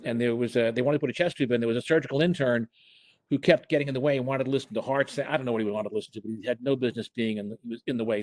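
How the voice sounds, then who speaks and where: A man's voice: mid-range voice, a little mellow, dry recording. An older man, a former emergency department chair, telling chatty hospital anecdotes with laughs and restarts over a video call. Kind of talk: casual storytelling on a video call.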